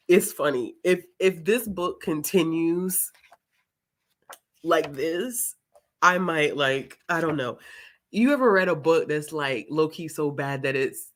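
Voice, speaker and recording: A woman hosting a book vlog, chatting casually with viewers and laughing often between words as she talks. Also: low-pitched. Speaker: book vlogger hosting a reading sprint.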